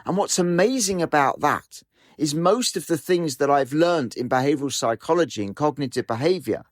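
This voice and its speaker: A man giving a Torah class who tells stories in an animated way and poses questions to his listeners. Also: on the high side, moderate pace, dry recording, studio quality. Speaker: Torah teacher.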